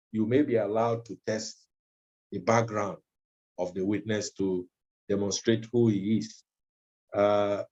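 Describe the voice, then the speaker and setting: A man gives a legal training lecture in a measured way, often pausing with ums and uhs. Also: mid-range voice, mellow. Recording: dull lo-fi recording.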